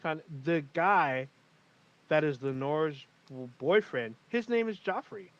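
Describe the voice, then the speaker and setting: A man talks through an episode in a loose, rambling way, full of swearing and asides. His voice sits a bit high, and the stream audio sounds muffled and lo-fi. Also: measured pace. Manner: rambling, profane, animated retelling. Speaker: podcast co-host. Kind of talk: casual recap chat.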